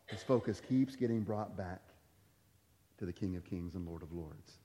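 A man preaching a sermon, swinging from loud, urgent emphasis to quiet, hushed asides. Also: low-pitched, normal speed, big-room sound. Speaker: pastor.

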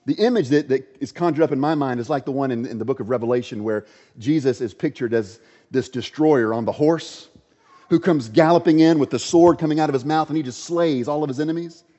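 A man preaching a sermon from the pulpit of a church, emphatic, swinging between loud stresses and quiet asides. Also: mid-range voice, a little fast, in a large hall, highs cut off. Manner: emphatic, varies loudness, drops to quiet asides.

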